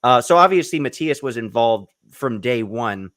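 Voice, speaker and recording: An enthusiastic male host talking on a video call, keen and quick to share his excitement. His voice is dry and close, with no room sound, and sits at an ordinary pitch. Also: no echo. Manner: eager, enthusiastic fan of the genre. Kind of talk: casual interview chat.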